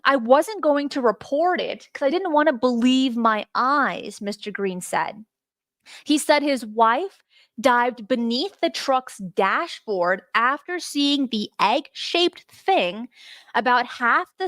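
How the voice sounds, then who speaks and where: An excited woman hosting a live stream, talking straight to her viewers in a fairly high, chatty voice. The sound is dry and close, with no room echo. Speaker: host. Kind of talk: live-stream case study talk.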